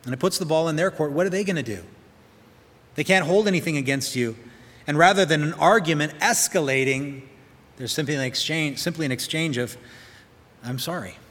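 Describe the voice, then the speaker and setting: A pastor preaching a sermon, telling stories and acting out quoted lines in a softer voice. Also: male voice, on the high side, fairly quick. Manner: storytelling, acts out quoted lines softly. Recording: long hall reverb.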